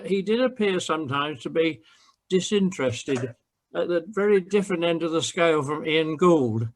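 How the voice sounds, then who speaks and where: Courteous man putting a question. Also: fairly high pitch. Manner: courteous, flattering. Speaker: member asking a question. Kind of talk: audience question.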